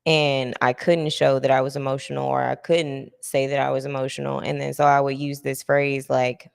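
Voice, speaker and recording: A young woman hosting a podcast, her voice low with a gravelly edge. She talks candidly and reflectively and laughs easily, and her smooth voice trails off into a long reverb. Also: little pitch movement, normal speed, few pauses. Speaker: podcast host. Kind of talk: casual podcast chat.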